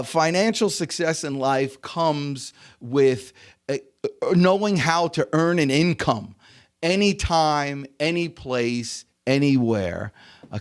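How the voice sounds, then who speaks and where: A man from the United States, a sales coach telling stories as a guest on an interview podcast, animated and chuckling between points. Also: a little high. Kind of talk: casual interview storytelling.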